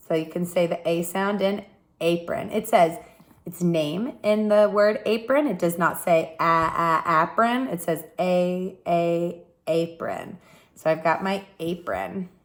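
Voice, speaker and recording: Slow, gentle woman teaching phonics. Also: fairly low pitch, echoey room, a little hiss or hum. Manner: slow, gentle, sounds out letters with exaggerated repetition. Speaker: pre-K teacher. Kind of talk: slow early-childhood phonics lesson.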